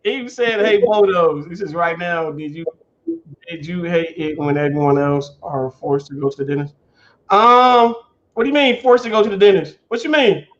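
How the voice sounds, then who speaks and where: High-voiced guy running a chill livestream, aave, shouting out viewers, muffled lo-fi stream sound. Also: normal speed. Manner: loose, laughing, greets viewers by name. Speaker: livestream host. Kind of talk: casual livestream chat. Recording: dull lo-fi stream audio.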